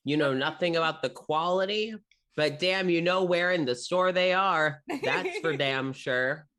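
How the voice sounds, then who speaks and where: A man running a tabletop game as game master, narrating the scene in a relaxed, rambling way full of ums and uhs. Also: on the high side, unhurried. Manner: relaxed and rambling, with frequent 'um' and 'uh'.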